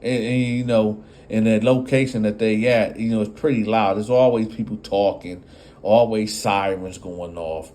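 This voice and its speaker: A man's voice: fairly low pitch, fairly even intonation, moderate pace, a little mellow. A man casually telling a story and speaking straight to his audience. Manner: conversational, addresses the audience.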